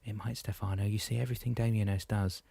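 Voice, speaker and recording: A man voicing a calm, wise middle-aged mother who speaks softly and patiently, in an audiobook. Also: on the low side, quick pace, vocal fry, slightly rough, no room sound. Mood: gentle. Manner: soft, patient, reassuring.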